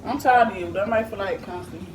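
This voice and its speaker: A woman's voice: medium pitch, quick pace. Chatty young woman eating on camera. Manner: chatty, joking, talks to viewers and her baby son. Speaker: mukbang vlogger. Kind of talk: casual talk while eating on camera. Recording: echoey room with background noise.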